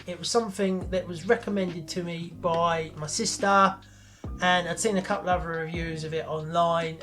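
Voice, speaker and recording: A woman hosting a casual film review vlog from her room, chatty and upbeat. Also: fairly low pitch. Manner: chatty, upbeat, repeats "ladies and gents". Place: bedroom at home.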